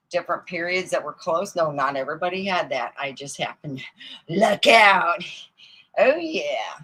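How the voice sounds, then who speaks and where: A woman's voice: lowish voice, fairly bright tone, poor audio. Rambling, profane middle-aged woman storyteller. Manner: rambling and profane, laughing at her own stories. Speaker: comedian. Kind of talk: casual storytelling monologue.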